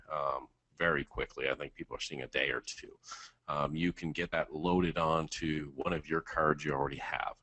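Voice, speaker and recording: A man's voice: rumbling low, fairly bright tone, no room sound. A man co-hosting a webinar, laid-back and teasing, with plenty of ums, heard over an online call mic. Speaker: webinar co-host.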